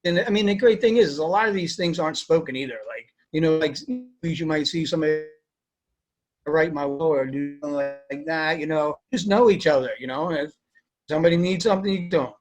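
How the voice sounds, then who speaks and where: Rambling young army veteran, fairly high voice. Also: male voice, brisk, faint music behind. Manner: rambling, many fillers like "you know". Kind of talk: casual interview answers.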